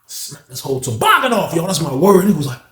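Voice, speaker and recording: A man telling a story casually to the camera in slangy talk, loudly acting out the other people's lines. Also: fairly high pitch, fast, echoey room. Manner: animated, acts out quotes loudly, slangy. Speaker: vlog storyteller.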